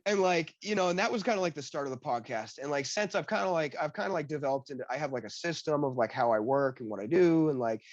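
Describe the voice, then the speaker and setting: A man's voice: a little high, quick pace, few pauses. A man with a slightly raised voice tells stories in casual chat and acts out every quoted line. He leans on "like" fillers constantly. The audio is a little dull and lo-fi, with a dry sound and no room echo. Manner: animated storyteller, acts out quoted dialogue; heavy use of "like" fillers. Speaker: guest, blockchain developer.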